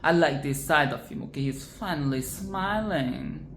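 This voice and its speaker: A woman's voice: deep voice, animated, measured pace, echoey room, slight background noise. A young woman casually reviewing a film, emphatic and profane, often tagging "okay?".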